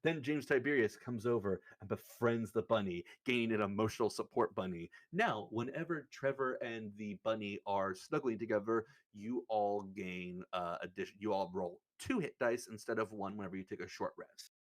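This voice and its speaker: A man's voice: lowish voice, moderate pace, few pauses. A young man running a tabletop game, recapping the session in a casual, rambling, profane way. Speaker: game master. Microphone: streaming setup.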